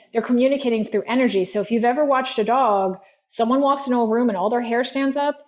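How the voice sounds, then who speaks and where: A woman with a somewhat high voice talks through an example in a loose, chatty way, sprinkling in "like" often. The audio is dull and lo-fi, as over an online call. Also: darkish tone. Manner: chatty, frequent "like" fillers. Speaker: guest therapy practitioner. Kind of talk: conversational storytelling.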